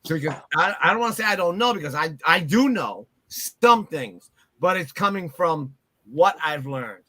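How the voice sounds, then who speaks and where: A man's voice: a little high, expressive, normal speed, bright, forceful tone, no room sound. A man who works as a teacher, talking emphatically in a casual chat and agreeing often.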